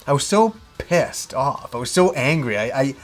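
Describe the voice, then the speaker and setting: A man's voice: medium pitch, normal speed, soft background music. A man vlogging about games, telling a frustrating story in a casual ranting way, acting out the dialogue and swearing as he goes. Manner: animated retelling with swearing and acted-out dialogue. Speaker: video game vlogger.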